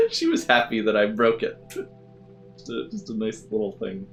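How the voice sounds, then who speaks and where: A man's voice: fairly low pitch, big pitch swings, a little slow, faint music behind. A man streaming a game, chatting casually and laughing as he plays. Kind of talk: let's play commentary.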